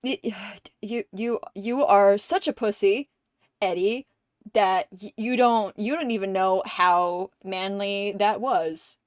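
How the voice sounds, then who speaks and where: A woman streamer chatting casually with her viewers, animated and profane, laughing often and acting out quotes in squeaky voices. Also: slow, dry recording, studio quality.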